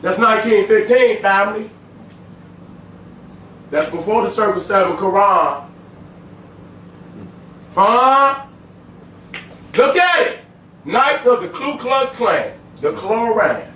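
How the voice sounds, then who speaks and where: A man lecturing an audience in a profane, emphatic street style, swinging between loud and low. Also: lively intonation, slow, long pauses, roomy sound, recorded from a distance, a little hiss or hum, poor audio. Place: room with a live audience.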